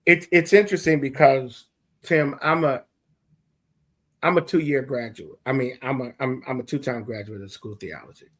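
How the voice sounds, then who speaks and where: An older man who is dean of a theology school, telling stories to graduating students in an emphatic, animated and humorous way. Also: medium pitch, moderate pace. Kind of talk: conversational remarks to graduates.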